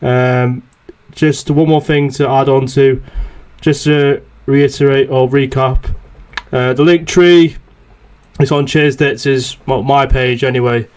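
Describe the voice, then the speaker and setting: A man's voice: mid-range voice, fairly even intonation, slow pace, darkish tone. A young man on a podcast, telling a rambling, swear-filled story in casual chat. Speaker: podcast host.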